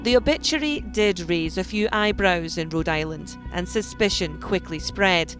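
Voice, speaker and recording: A man narrating a documentary in a steady reporting tone. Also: high voice, normal speed. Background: documentary music.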